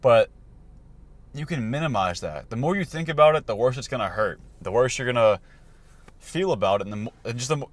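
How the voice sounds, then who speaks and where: A man's voice: mid-range voice, no echo. A young man and self-improvement coach, talking loosely to camera about life advice with lots of fillers and restarts. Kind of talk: casual motivational talk to camera.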